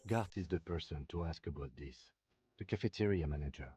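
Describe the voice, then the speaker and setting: A man voicing a calm, reserved police lieutenant in a video game, dry and matter-of-fact. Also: a bass voice, fairly quick, dull audio, slight background noise.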